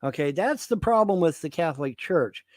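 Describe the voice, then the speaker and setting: A man's voice: a little high, animated, normal speed, darkish tone, dry recording. A man co-hosting a casual livestream chat, talking in a profane, rambling and emphatic way. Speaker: livestream co-host.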